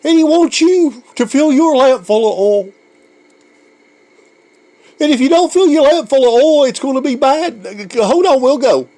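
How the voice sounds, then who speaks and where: A middle-aged man preaching with fervent, emotional urgency, often repeating himself and restarting mid-thought. His voice sits high and swoops widely, rising and falling as he presses his point. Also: animated, unhurried, dark tone. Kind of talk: preaching a sermon.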